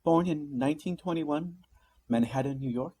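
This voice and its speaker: A man voicing a brisk, commanding woman captain with a slight Greek accent in a storybook reading. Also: fairly high pitch, warm tone, slightly rough, voice pushed up. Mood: brisk stern.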